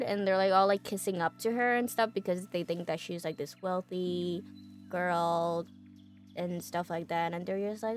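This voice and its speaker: A woman's voice: lowish voice, fairly even intonation, moderate pace, soft background music. A woman streamer casually recapping a story, chatty, with many fillers and laughs.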